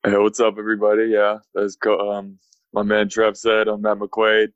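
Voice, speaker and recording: A man's voice: lowish voice, monotone, moderate pace, smooth, no room sound, dull audio. A young man in his twenties from Texas with a Texan accent, a guest talking in an easygoing, laid-back way. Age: 20s. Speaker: guest, pro basketball player. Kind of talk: casual interview chat.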